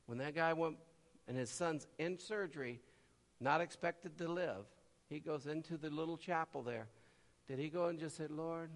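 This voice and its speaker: In a large hall, a man preaches a sermon, swinging from loud cries down to low murmurs. He acts out the voices of the people in his stories.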